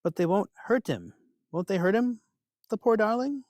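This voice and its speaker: A man's voice: high-pitched, expressive, moderate pace, darkish tone, no echo, clean studio sound, pitched above the performer's own voice. A man voicing an old woman in disguise who fusses with false concern over a mother's son. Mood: sweetly prying.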